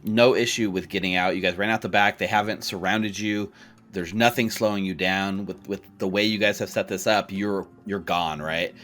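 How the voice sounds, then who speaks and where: Bright-voiced man narrating as game master. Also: low-pitched, normal speed, soft background music. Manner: relaxed, hesitant narration with fillers.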